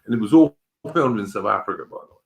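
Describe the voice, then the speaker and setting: Deep-voiced man, emphatic. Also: animated, quick pace, gravelly. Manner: emphatic, rambling, with rhetorical questions. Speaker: host. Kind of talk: casual political talk show chat.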